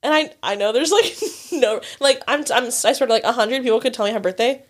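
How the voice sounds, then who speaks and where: A young woman chatting casually on a podcast, laughing often as she tells stories. Her voice sits a little high and bounces with animated energy. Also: fast. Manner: giggly, animated storytelling. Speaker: podcast co-host. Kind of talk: casual chat.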